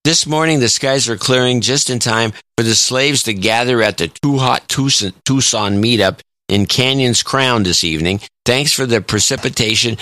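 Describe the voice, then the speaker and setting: A man's voice: mid-range voice, moderate pace, few pauses, pushed and bright, no echo. A man co-hosting a podcast with dry, wry remarks, reading listener notes aloud. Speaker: podcast co-host.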